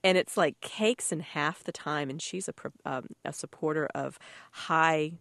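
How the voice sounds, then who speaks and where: Woman, lowish voice, lively storyteller, dry studio sound, radio guest. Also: unhurried, gravelly, no echo. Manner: animated storyteller, laughs often, acts out quoted voices. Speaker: guest cookbook author. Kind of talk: casual radio chat.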